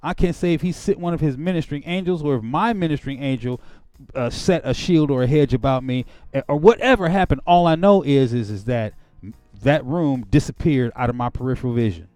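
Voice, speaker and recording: A man preaching and giving an emotional testimony. He swings between quiet reflection and angry outbursts. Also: medium pitch, a little fast, dry recording. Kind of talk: impassioned sermon-like testimony.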